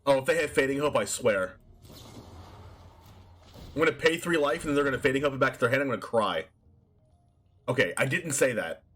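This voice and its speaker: A man streaming a card game, reacting excitably, often shouting and laughing as he plays. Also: medium pitch, a little fast, long pauses. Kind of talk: live gameplay commentary.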